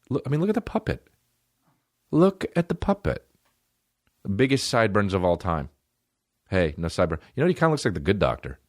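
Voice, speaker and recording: Man in his 30s, podcast host, low-pitched, swearing and rambling through a comic story, dry close-mic. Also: dry recording. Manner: profane, rambling, animated storytelling with mock voices. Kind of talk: casual comedic monologue.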